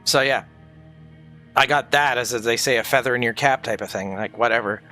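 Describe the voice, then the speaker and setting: A man on a livestream casually telling stories from his audio engineering days, animated and profane, laughing often. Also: medium pitch, a little fast, soft background music.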